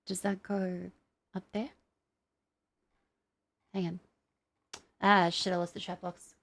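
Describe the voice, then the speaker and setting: A woman's voice: on the low side, little pitch movement, slow, fairly bright tone. A young adult woman streamer chatting casually and rambling, with many fillers and some swearing, while testing tracking gear. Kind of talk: casual live-stream chat.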